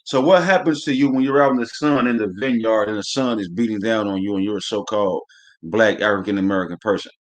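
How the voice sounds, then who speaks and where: A fast-talking man with a fairly low pitch teaches scripture over a live stream. He reads verses aloud, then preaches about them in a blunt, coarse way, swearing freely and saying "man" all the time.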